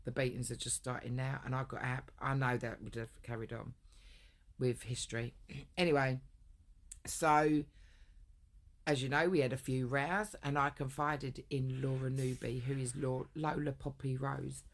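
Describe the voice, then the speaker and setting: Woman vlogger, gravelly fry in the voice, rambles and swears through a personal grievance. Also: a bass voice, steady tone, measured pace. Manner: rambling, heavy swearing, blunt. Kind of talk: casual storytelling rant.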